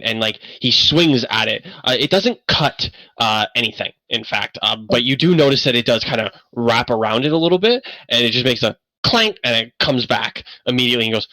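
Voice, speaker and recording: Man game master, bright and dry on voice chat, halting rambling narration. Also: mid-range voice, no room sound, rough recording. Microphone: online voice chat.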